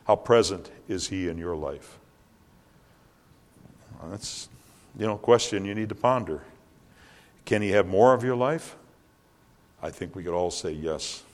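Older guy preaching, lowish voice, big echoey hall, gets loud and high on the punchlines. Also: unhurried, pauses often. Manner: preaching, swelling loud and high on key lines. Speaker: pastor. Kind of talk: sermon. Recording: long hall reverb.

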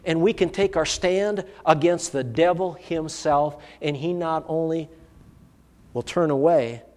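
A man's voice: a little high, measured pace, a little mellow. A man preaching a sermon, telling a personal story in an earnest, vivid way. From United States. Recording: long hall reverb.

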